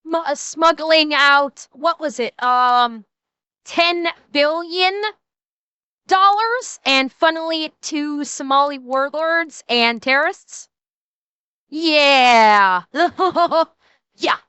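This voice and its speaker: A woman streamer reacts live, talking in long, rambling runs full of swearing and blunt opinions. Her voice sits high and sounds bright and crisp, and the dry mic keeps her right up close. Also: extremely slow, dry recording. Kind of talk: casual live-stream commentary.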